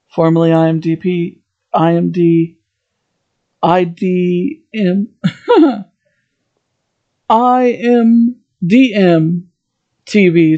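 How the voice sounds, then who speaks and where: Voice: mid-range voice, dark tone, muffled recording. A podcast host giving a heartfelt, rambling solo monologue.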